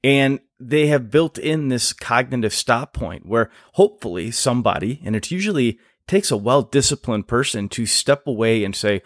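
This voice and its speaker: A man who works as a flight paramedic, talking casually as a podcast guest, eager and explanatory and quick to laugh. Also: mid-range voice, animated, no echo, clean studio sound. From United States. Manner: enthusiastic, explanatory, laughs easily.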